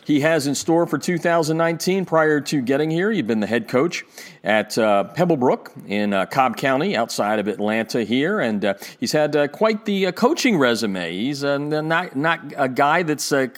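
Chatty podcast host from Pennsylvania. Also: male voice, fairly high pitch, expressive, normal speed. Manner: chatty, self-deprecating, filler-heavy. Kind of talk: podcast interview.

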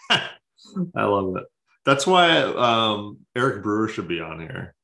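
A man's voice: fairly low pitch, big pitch swings, takes it slowly, vocal fry, bright, forceful tone. A man co-hosting a casual podcast, making dry jokes and laughing easily. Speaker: podcast co-host. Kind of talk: casual chat. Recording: roomy echo.

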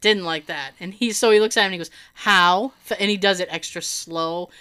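A woman with a fairly low, smooth voice talks a little fast as she tells a story in casual conversation. She has hearing loss in her right ear, and she's an animated storyteller who laughs often and acts out what other people said.

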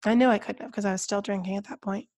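Hoarse, scratchy-voiced woman podcast host. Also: mid-range voice, fairly even intonation, very fast, darkish tone. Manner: chatty, trailing restarts. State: hoarse from a cold. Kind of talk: casual chat.

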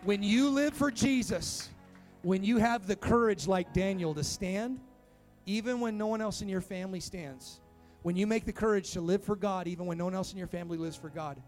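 A man's voice: sits high, normal speed, faint music behind. A young man, a pastor, preaching to kids and adults in a church, telling his story with rising emphatic calls. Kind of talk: sermon to youth and church. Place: church sanctuary.

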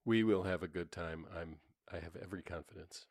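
A man's voice: low-pitched, fairly quick, darkish tone, no room sound, studio quality. A man co-hosting a podcast, joking and rambling in casual chat. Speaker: podcast co-host.

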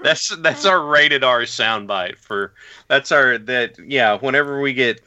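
A man's voice: medium pitch, a little slow, no room sound, dull audio. Seorang pria pembawa podcast yang bercerita dengan hidup, suaranya cerah dan tajam, rekaman kering tanpa gema. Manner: animated storyteller, acts out quotes. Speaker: podcast host. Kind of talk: casual podcast chat.

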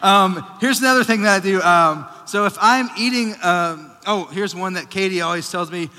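High, bright-voiced pastor. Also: male voice, moderate pace. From Texas. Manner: self-deprecating, joking, conversational. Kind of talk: casual humorous sermon. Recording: long reverb of a large hall.

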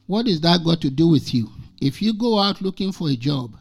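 Speaking fairly quickly with hardly any pauses, this man's voice is a little high and expressive. He's a sixtysomething guest preacher from Nigeria whose emphatic sermon repeats lines of scripture and draws on personal stories.

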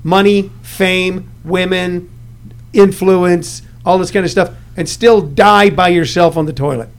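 High-voiced rambling man host. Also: fairly even intonation, unhurried. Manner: rambling, restarts, tells jokey anecdotes. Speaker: podcast host. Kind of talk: casual interview chat.

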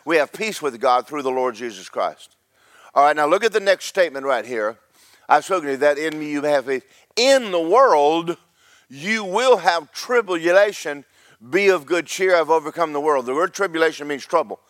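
A man preaching a sermon as pastor, swinging from slow loud emphasis to quick quiet asides. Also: medium pitch, dry recording.

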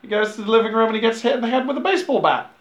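A man recapping a movie plot in a casual, rambling, profane way, sometimes dropping into quick character voices. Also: extremely high pitch, expressive, muffled recording. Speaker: podcast host recapping a film. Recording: echoey room.

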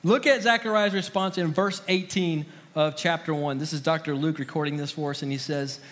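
A male pastor with a notably high voice delivers a sermon in an easygoing, chatty manner, dropping slangy asides as he goes. His voice rings out with a long reverb, as if filling a large church sanctuary. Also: fairly even intonation, a little fast, fairly bright tone. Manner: casual, conversational preaching with slangy asides.

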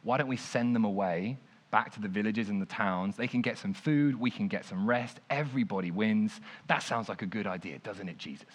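A young man preaching casually, retelling a story in an animated, conversational way with lots of "like". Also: fairly low pitch, a little fast, husky. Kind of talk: informal sermon storytelling.

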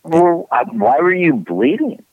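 Guy w/ a lowish voice that swings all over, sounds like a phone line. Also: very animated, a little slow, breathy edge, no echo. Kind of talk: casual chat.

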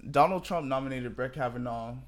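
A man's voice: medium pitch, fairly quick. A man with an American accent co-hosting a podcast in loose, swearing banter with his friend. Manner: laid-back, swearing banter. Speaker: podcast co-host. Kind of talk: casual chat.

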